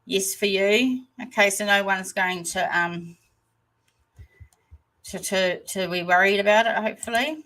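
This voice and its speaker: A New Zealand woman hosting a casual livestream chat, hesitant and rambling with many pauses. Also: medium pitch, fairly bright tone, low-quality recording. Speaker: channel host.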